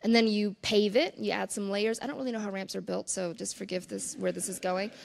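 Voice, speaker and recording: A woman's voice: mid-range voice, fairly even intonation, fairly quick, vocal fry. A woman giving a conference keynote in an earnest, conversational way, with casual asides to the audience. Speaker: conference speaker. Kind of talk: keynote talk.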